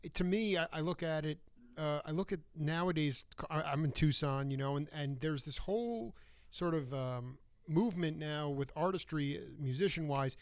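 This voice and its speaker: A man's voice: fairly high pitch, no echo, clean studio sound. A male radio host asking long, rambling interview questions with many restarts.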